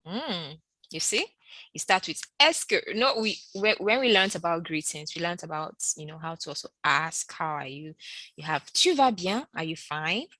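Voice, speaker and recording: A woman's voice: bright, forceful tone, no room sound, rough recording. A woman teaching a language lesson, repeating every example phrase and lifting her voice on sample questions. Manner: slow, repeats each French phrase, rises high on example questions. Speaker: French teacher.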